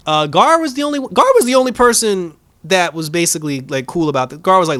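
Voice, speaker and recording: A man hosting a casual reaction recap, animated and slangy, laughing and acting out characters' lines. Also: a little high. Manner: acts out characters' lines in quick mimicry. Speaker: show recap host.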